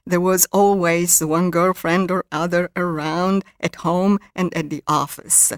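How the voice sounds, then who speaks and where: An older woman from Italy with an Italian accent, a guest author who talks haltingly with many ums and reads from her novel. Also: on the low side, steady tone, dry recording, studio quality. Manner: hesitant, many ums and uhs. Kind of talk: interview, reading from her novel.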